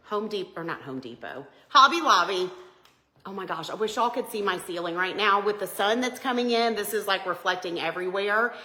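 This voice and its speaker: Bright, chatty woman. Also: mid-range voice, roomy sound, rough recording. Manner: chatty and upbeat, greets viewers by name. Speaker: home decor livestream host. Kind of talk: live craft tutorial, chatting with viewers. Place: home living room by a Christmas tree.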